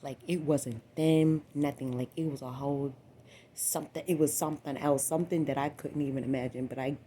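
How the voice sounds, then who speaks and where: A woman in her late twenties telling a rambling personal story to the camera, cursing often and swinging between a low murmur and loud exclamations. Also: steady tone, a little fast, a little hiss or hum. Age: 20s. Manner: profane, repetitive, meandering storytelling. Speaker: vlogger.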